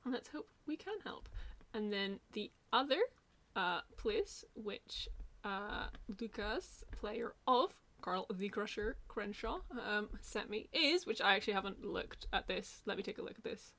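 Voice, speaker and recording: A woman's voice: medium pitch, measured pace, pushed and bright. A woman hosting a casual livestream, talking in a rambling way with many restarts. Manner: rambling, lots of fillers and restarts. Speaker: host.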